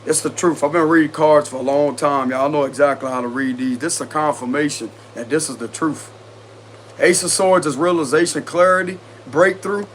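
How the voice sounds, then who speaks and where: A man's voice: on the high side, fairly bright tone, slight background noise. A man with a Cajun accent doing a casual tarot reading, chatty and confident, often repeating himself. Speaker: tarot reader.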